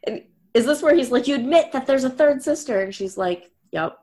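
A woman's voice: high-pitched, animated, brisk, darkish tone. A woman in casual chat, blunt and wisecracking, swearing freely as she reacts to a story. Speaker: podcast co-host.

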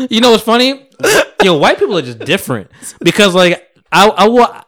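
A man's voice: high-pitched, very animated, normal speed, a bit bright. Laughing, rambling male podcast co-host. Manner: rambling, laughs often, acts out quotes. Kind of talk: casual chat, storytelling.

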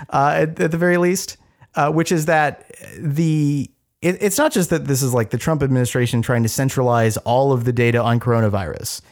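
A man's voice: mid-range voice, moderate pace. A man co-hosting a casual talk podcast, explaining a news story with frequent fillers, restarts and wry asides. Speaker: podcast co-host. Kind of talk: casual chat.

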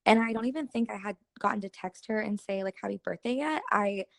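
Chatty young woman with slight fry. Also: medium pitch, fast talker, no room sound. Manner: earnest, chatty, fillers like "like". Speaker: podcast co-host. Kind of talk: casual faith podcast chat.

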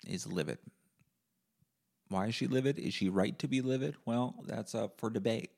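Going solo on his podcast, a man rambles in a deadpan comic monologue with plenty of swearing. He speaks at a normal speed in a fairly low voice threaded with rough, gravelly fry.

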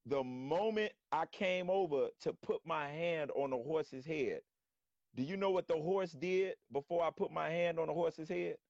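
A man telling a story in casual slangy talk on a live stream, animated and acting out quotes. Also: a little high, a little slow, vocal fry, dry recording, highs cut off. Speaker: guest storyteller.

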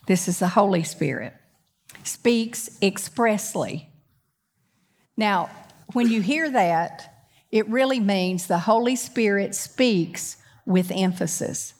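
A woman preacher delivering a sermon with a mid-range voice. She swings from loud, emphatic declarations into quick, offhand asides. She keeps turning to the congregation with questions. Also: medium pitch.

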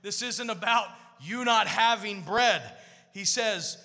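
Man preacher, high and sharp-toned, sermon rising into shouted sing-song, reverberant sanctuary. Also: takes it slowly. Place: church sanctuary. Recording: long church hall reverb.

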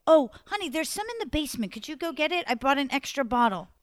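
A woman's voice: high voice, sing-song, fast, no echo. A woman voicing a busy mother making dinner, talking in a patient but tired way. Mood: weary. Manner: patient-then-weary, sighing.

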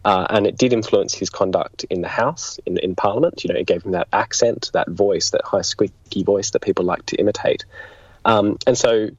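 A man's voice: lowish voice, moderate pace, husky, no room sound. A man being interviewed as a political biographer, explaining thoughtfully and often restarting his sentences. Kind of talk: conversational history interview. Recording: dull lo-fi sound.

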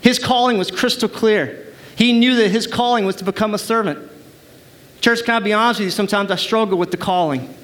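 Very high-voiced man preaching. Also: brisk, fairly bright tone. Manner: emphatic, addresses the congregation with call-and-response. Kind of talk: sermon. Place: church service.

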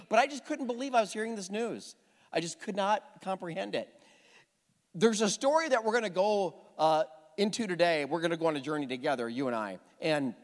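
A man's voice: high voice, in a large hall. A middle-aged male pastor preaching a sermon to his congregation, telling stories with self-deprecating humor. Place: church sanctuary with a congregation.

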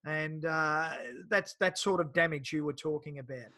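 A man's voice: on the high side, moderate pace, pushed and bright. An older man co-hosting a podcast, chatting casually and rambling about a film. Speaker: podcast co-host.

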